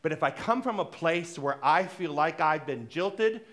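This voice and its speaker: A man's voice: a little high, lively intonation, normal speed, a bit bright. A middle-aged man, a minister, giving a conversational, playful sermon in a church, acting out little everyday dialogues. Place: church sanctuary.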